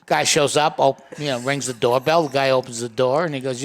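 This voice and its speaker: A man's voice: mid-range voice, fairly even intonation, fairly quick. A man with a Boston accent co-hosting a podcast, telling a long joke and acting out its dialogue while he laughs. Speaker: podcast co-host. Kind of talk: telling a joke in casual chat.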